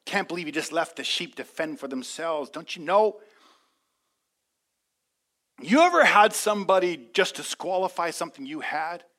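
A man preaching a sermon in a church, energetic and emphatic, calling out to his congregation. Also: on the high side, normal speed, pauses often. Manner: energetic, emphatic, call-and-response. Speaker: pastor.

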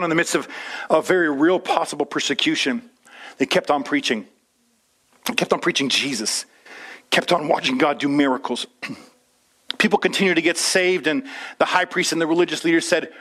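A male pastor preaching a sermon with animated delivery, slipping into quoted voices of churchgoers and slowing down for emphasis. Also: fairly high pitch.

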